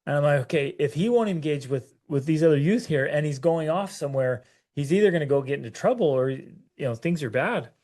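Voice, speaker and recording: A man co-hosting a parenting talk, telling a personal story in a halting, emotional way, full of restarts and repeated words. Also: fairly high pitch, animated, a little mellow. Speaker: parenting show co-host.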